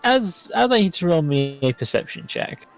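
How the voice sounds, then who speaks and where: Guy running a tabletop game, voice jumps all over, a little higher, faint music under it. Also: sing-song, normal speed, vocal fry, poor audio. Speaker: game master.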